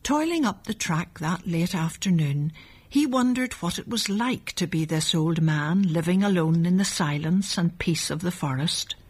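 A woman reading a children's story aloud, gently and lively, voicing each character. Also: fairly low pitch, unhurried, breathy edge.

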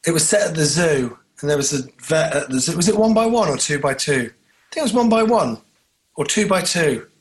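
A man's voice: fairly high pitch, lively intonation, a little fast. A man co-hosting a casual chat, telling rambling, jokey stories. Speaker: podcast co-host.

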